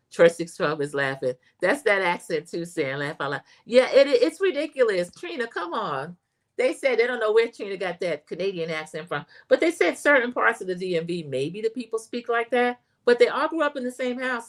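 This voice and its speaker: A woman's voice: lowish voice, very animated, brisk. A woman hosting a casual livestream that recaps a reality show, talking straight to her viewers as y'all and reading their chat comments aloud.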